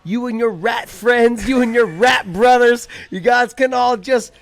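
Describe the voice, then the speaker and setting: A man doing an impression of a brash, cocky male fighter with an Irish accent, taunting slowly and boastfully. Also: very high voice, vocal fry, no room sound, pitched above the performer's own voice, full character voice. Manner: boastful, taunting, drawn-out words.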